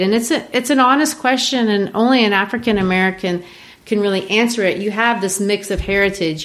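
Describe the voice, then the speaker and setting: A woman discussing a classic play in a relaxed lesson, explaining with thoughtful pauses and fillers. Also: medium pitch. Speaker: literature teacher. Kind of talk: discussing and reading a play aloud.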